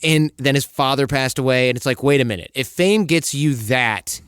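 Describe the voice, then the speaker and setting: A man's voice: medium pitch, normal speed, a bit bright, clean tone, no echo, studio quality. A man from Michigan chatting casually on a podcast, with lots of "like" fillers.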